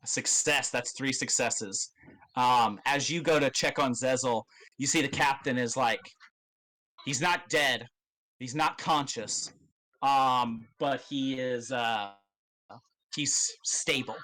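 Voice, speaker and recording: A man narrating as game master of a tabletop game, in a loose, halting way with many fillers and casual swearing. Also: medium pitch, sharp tone, poor audio.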